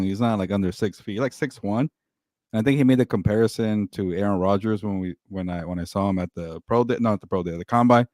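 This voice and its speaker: A man co-hosting a sports podcast in casual chat, excitable, repeating words and laughing often. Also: on the low side, dry recording, clean studio sound.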